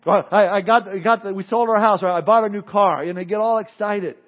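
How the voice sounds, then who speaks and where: Texan male pastor, high voice, lively sermon delivery, dull lo-fi recording. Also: a little fast. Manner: animated, acts out quotes and little scenes, repeats himself. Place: church sanctuary.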